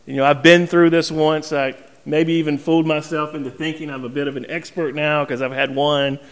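Animated pastor telling a story in a reverberant hall. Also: male voice, fairly high pitch, brisk. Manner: animated, self-mocking storyteller who acts out scenes. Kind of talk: storytelling sermon. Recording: long reverb of a large hall.

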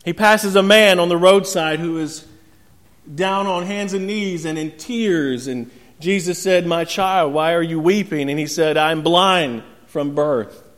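Male pastor, somewhat high voice, earnest sermon with light humor, long church reverb. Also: a little slow. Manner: earnest preaching with gentle storytelling humor. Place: church sanctuary.

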